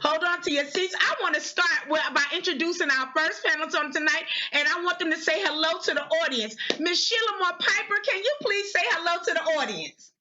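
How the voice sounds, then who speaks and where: A woman's voice: extremely high pitch, fairly quick, hardly any pauses, highs cut off, background noise. A woman hosting an online music panel, effusive and exuberant, often repeating her phrases. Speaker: panel host. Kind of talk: enthusiastic live panel hosting.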